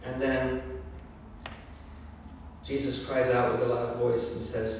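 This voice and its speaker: A man preaching a sermon in an earnest, measured way, with fillers and raised emphasis when he quotes scripture. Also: medium pitch, completely flat delivery, a little hiss or hum. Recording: echoey hall from far off.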